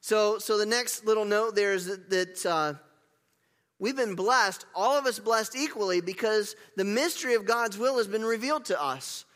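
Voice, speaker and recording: Emphatic pastor preaching in a reverberant hall. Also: male voice, sits high, moderate pace. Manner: animated, emphatic preaching with casual asides. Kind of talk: sermon. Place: church sanctuary.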